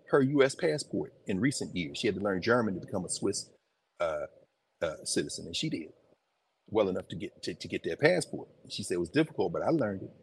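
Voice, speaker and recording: A man hosting and lecturing informally in a museum, animated and preacherly, talking back to his listeners. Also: medium pitch, creaky, breathy edge. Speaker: host, professor. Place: museum, indoors.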